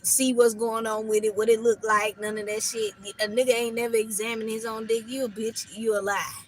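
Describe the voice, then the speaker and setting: A woman's voice: on the high side, a little hiss or hum, low-quality recording. A woman tarot reader ranting in a casual reading, blunt and profane, laughing often between lines.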